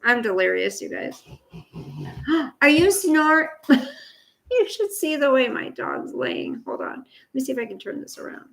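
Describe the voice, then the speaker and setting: A woman's voice: sits high, sing-song, unhurried, creaky, long pauses, a bit bright. An older woman chatting casually to her viewers, cooing baby talk to her dog. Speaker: vlogger. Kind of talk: casual chat to camera. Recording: echoey room, voice a bit off-mic, faint noise.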